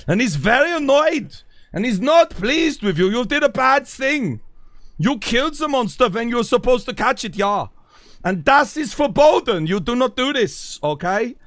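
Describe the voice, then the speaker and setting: A man's voice: very high voice, sing-song, normal speed, a bit bright, no echo, full character voice. A man voicing a furious German man with a mock German accent who scolds a crowd in a barking, lecturing way. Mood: angry scolding.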